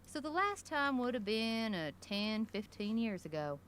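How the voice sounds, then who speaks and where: A woman's voice: a little high, very animated, unhurried, a bit bright, a little hiss or hum. An actress voicing a gossipy small-town shopkeeper woman in a video game, talking in a folksy rural drawl full of colorful slang. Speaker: general store owner.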